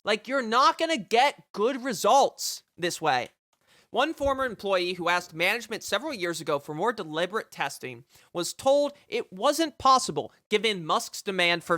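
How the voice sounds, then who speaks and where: Bright-voiced, sarcastic, swearing streamer. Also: mid-range voice, no echo, studio quality. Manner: sarcastic, profane ranting; reads passages aloud and reacts. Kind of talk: live commentary on news reporting.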